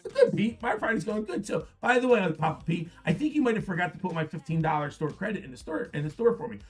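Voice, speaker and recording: A man's voice: high-pitched, big pitch swings, fast talker. A man voicing a friendly male customer who politely asks the host about a missing store credit. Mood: chummy.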